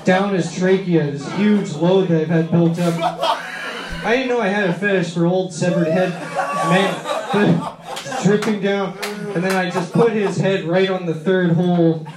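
A man's voice: high-pitched, steady tone, normal speed. A man doing a crude, rambling stand-up set, captured live in a club with the audience laughing. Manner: rambling, crude, absurd storytelling. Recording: roomy live club recording with loud crowd.

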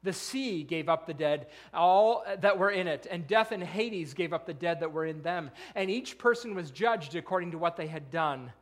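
A man pastor preaching a sermon in an earnest style, often repeating words and posing rhetorical questions. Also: fairly high pitch.

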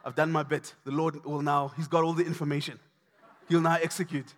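A man preaching a sermon, passionate and repetitive, building to shouts. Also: a little high, flat delivery, fairly quick. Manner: impassioned, repetitive, rising to shouts. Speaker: pastor.

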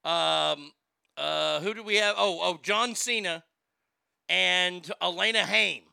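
A man's voice: high voice, slow pace, gravelly, pushed and bright, smooth, no echo. A man hosting a casual podcast chat, brash, joking and profane. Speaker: host.

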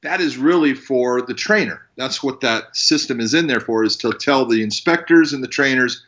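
A man who works as a fight referee, telling animated stories and acting out what people said. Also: mid-range voice, moderate pace, muffled recording. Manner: animated storyteller, acts out quotes. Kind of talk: casual storytelling.

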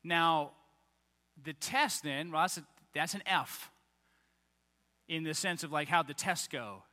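A man preaching a sermon as a pastor, animated and acting out the voices of the people he quotes. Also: a little high, slow. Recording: long reverb of a large hall.

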